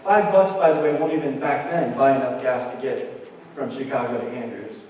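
A middle-aged man preaching a sermon, telling a personal story and acting out the dialogue with lively energy. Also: medium pitch, normal speed, slight background noise. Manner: animated storyteller, acts out dialogue. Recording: echoey hall recorded from far off.

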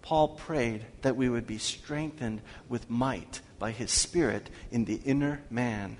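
A man preaching to his congregation in a church sanctuary, his voice ringing with a long hall reverb. He speaks at a medium pitch, draws the listeners in with questions, and slows right down when he reads scripture aloud. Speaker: pastor. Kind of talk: sermon.

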